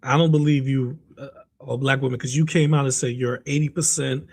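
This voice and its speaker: A relaxed man talking casually on his live stream, greeting viewers in chat and reacting to clips. His pitch sits in an ordinary middle range, and his sentences often trail off or restart. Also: a little fast, gravelly. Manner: laid-back, greets chat by name, trails off mid-sentence.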